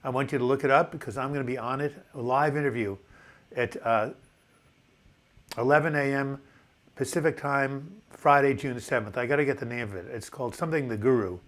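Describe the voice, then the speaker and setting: A man's voice: mid-range voice, brisk, fairly bright tone. A man of seventy hosting a casual live video chat, reading viewer comments aloud and answering them in a chatty, enthusiastic way, often restarting words. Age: 70s.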